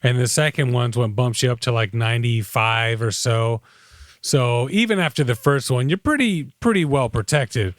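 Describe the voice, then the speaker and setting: A man's voice: mid-range voice, moderate pace, dry recording, clean studio sound. A man in his thirties co-hosting a podcast in casual chat, telling rambling stories with lots of fillers. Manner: rambling storyteller, frequent fillers. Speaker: podcast co-host.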